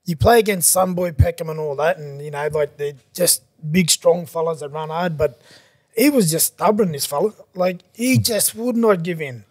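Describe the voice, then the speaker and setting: High-voiced laid-back man. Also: moderate pace, no echo, clean studio sound. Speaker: podcast guest, veteran player. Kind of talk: casual chat.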